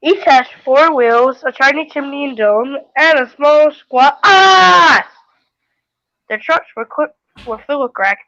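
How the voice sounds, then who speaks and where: A woman's voice: high-pitched, unhurried, sharp tone, no echo. A woman streaming while playing with toys, talking in a silly, sing-song way. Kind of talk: playful toy play with narration. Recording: dull lo-fi audio with faint noise.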